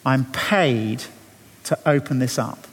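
A man's voice: mid-range voice, breathy edge. Earnest preacher man in a reverberant church. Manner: earnest, halting with repeated restarts. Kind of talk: sermon. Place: church hall.

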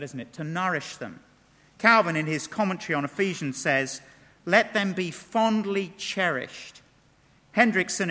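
Bright-voiced preacher in a hall. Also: male voice, on the high side. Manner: emphatic, rhetorical questions, reads quotes aloud. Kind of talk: sermon. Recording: long reverb of a large hall.

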